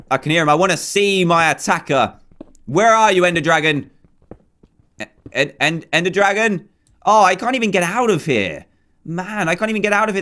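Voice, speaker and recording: A young man gives playful gameplay commentary, pleading with and teasing the game as he goes. His voice sits a little high and swings widely in pitch. He talks casually, with a bright, joking energy. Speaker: gaming YouTuber.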